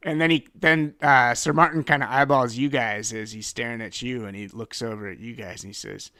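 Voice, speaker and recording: A man's voice: medium pitch, fairly even intonation, a little fast, pushed and bright, clean tone. A man narrating a tabletop game as game master, in a casual, loose style with many fillers.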